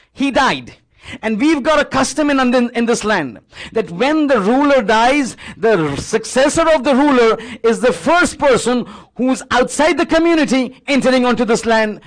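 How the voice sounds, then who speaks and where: A man giving a sermon, retelling a religious story with dramatic repetition and acted-out dialogue. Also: extremely high pitch. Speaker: religious speaker.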